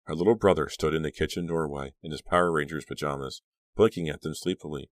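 A man narrating an audiobook in an expressive, measured storytelling manner. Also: rumbling low, no room sound.

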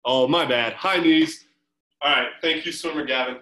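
A man's voice: fairly high pitch, normal speed, pushed and bright, poor audio. A man coaching a swim team through a home workout on a video call, giving chatty, encouraging instructions with fillers.

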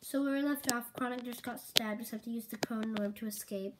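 A woman retelling her own comic saga in a loose, rambling way, stringing events together with constant "and then" and "he's like." Her voice sits a little high. A noticeable hiss runs under the whole recording. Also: fairly even intonation, brisk. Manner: rambling, full of "and he's like" quoting. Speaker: storyteller recapping her homemade comic series. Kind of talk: casual rambling story retelling.

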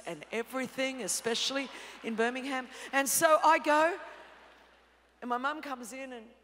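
An Australian woman preaching a sermon, telling a personal story with humor and swinging between hushed tones and shouting. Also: fairly high pitch, slight background noise. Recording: reverberant hall.

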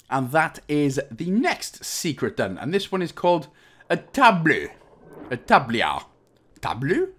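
A man's voice: a little high, a bit bright. A young Welsh man talking through a game walkthrough, giving step-by-step instructions broken up by jokey, rambling asides. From Wales. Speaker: game guide narrator. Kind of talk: commentary over gameplay walkthrough.

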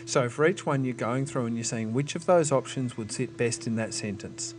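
A man's voice: medium pitch, normal speed, music in the background. A man, a teacher patiently explaining test strategies to students and thinking aloud with small restarts.

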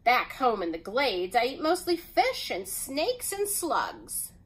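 A woman voicing an excitable, boastful female pet alligator in a storybook reading. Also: fairly high pitch, slow pace, exaggerated voice.

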